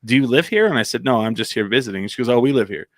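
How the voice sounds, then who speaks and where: Guy from albuquerque rambling thru a story, lots of likes, average pitch, dry mic. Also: lively intonation, rapid-fire, no room sound. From Albuquerque, New Mexico. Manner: rambling, heavy on "like" and restarts. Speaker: storyteller on a comedy podcast. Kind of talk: casual anecdote telling.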